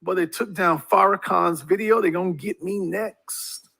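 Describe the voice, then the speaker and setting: A man's voice: high-pitched, measured pace, vocal fry, pushed and bright, husky. A man giving a ranting commentary monologue in a preachy way, firing rhetorical questions at his viewers. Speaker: YouTube commentator.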